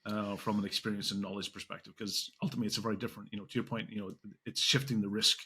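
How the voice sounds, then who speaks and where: Fast-talking husky-voiced male podcast host. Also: on the low side, level tone, bright, forceful tone. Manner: quick, halting talk with many restarts. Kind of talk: podcast interview.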